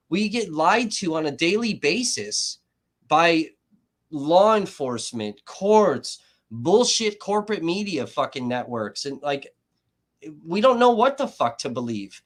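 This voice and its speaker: Man, livestream host, higher voice, profane, heated ranting, trial commentary. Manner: angry, swears constantly, gets worked up and loud.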